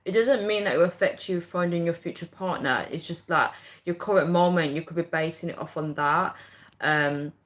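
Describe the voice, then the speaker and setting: A young woman chatting casually to viewers, ranting in an animated way and laughing often. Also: sits low. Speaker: vlogger.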